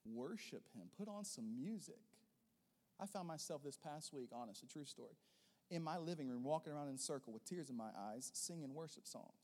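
A man preaching a sermon as a pastor, rising into loud emphatic bursts and then dropping into softer, quieter teaching. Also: on the high side, lively intonation, fairly quick, big-room sound.

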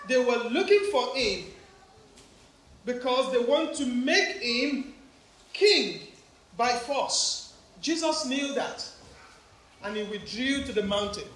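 A man's voice: very high voice, sharp tone. A man with an African accent preaching a family sermon in church, engaging the children and congregation with questions. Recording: very echoey church, faint background noise.

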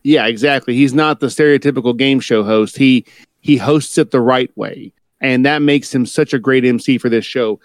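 A man's voice: mid-range voice, normal speed, dry recording, clean studio sound. A man from the United States co-hosting a casual talk show, rambling and correcting himself often with many fillers. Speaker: podcast co-host. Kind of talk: casual chat.

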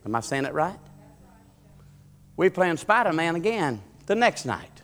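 A male pastor, preaching a sermon as a storyteller whose voice climbs loud and high at the peaks. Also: very animated, a little slow, pauses often, soft background music.

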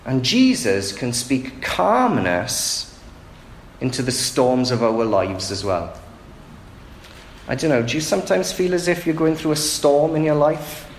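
A man's voice: medium pitch, big pitch swings, a little slow. A man preaching a sermon in a conversational way, often asking the listeners rhetorical questions. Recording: echoey room with faint background noise.

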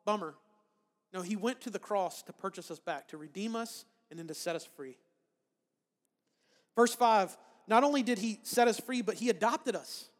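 High-voiced preacher in a reverberant hall. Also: male voice, moderate pace. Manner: conversational preaching with frequent "right?" asides and restarts. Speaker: pastor. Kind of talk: sermon.

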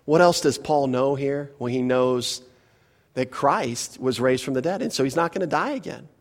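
A pastor preaching an expository sermon to his congregation, emphatic and full of rhetorical questions, often dropping to a softer voice. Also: mid-range voice, moderate pace. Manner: emphatic, rhetorical questions, drops to soft asides.

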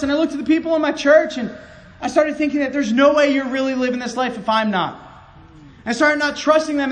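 Young male preacher, high voice, passionate testimony with stumbling restarts, swings from loud to quiet. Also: rough recording. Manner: impassioned, stammering restarts, swings from loud to hushed. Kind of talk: sermon testimony.

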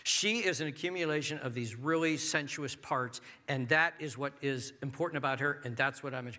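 A man preaching a sermon as pastor, animated and acting out people's inner thoughts. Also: mid-range voice, normal speed, few pauses.

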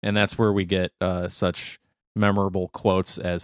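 Chatty man with a low voice. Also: flat delivery, a little slow, smooth, dry recording, clean studio sound. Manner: laughs often, slips into mock accents when quoting. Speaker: podcast co-host. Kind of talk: casual chat.

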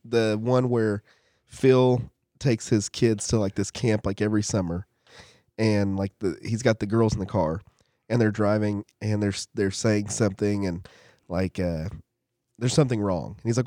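A man's voice: lowish voice, fairly even intonation, moderate pace, warm tone, dry recording, studio quality. Rambling male podcast host. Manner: rambling, storytelling with quoted voices. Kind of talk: casual chat.

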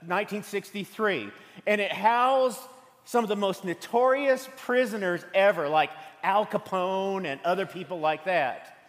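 A man preaching a sermon as pastor, mixing jokes and stories into his message in a church. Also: high-pitched. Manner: humorous, storytelling. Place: church sanctuary. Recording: long hall reverb from a church sanctuary.

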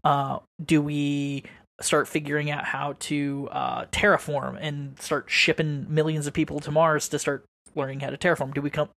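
A man's voice: a little high, level tone, normal speed, gravelly, a bit bright, dry recording. A man co-hosting a podcast in casual chat, rambling, musing and swearing freely. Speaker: podcast co-host.

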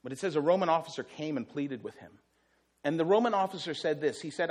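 High-voiced pastor guy preaching, animated storyteller acting out the quotes. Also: quick pace. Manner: vivid storyteller who acts out quotes. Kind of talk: sermon.

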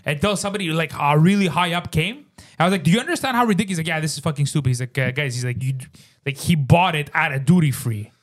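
A man co-hosting a podcast, telling a story in a casual, animated way, swearing freely and saying bro a lot. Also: on the high side, fast. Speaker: podcast co-host.

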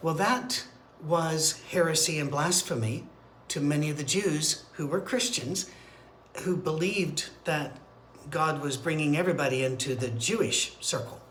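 A man's voice: fairly high pitch, measured pace, a bit bright, a little hiss or hum. A man leading a midweek Bible study, teaching in a conversational, digressive way with fillers and restarts. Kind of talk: informal teaching sermon. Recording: roomy echo, faint ambience.

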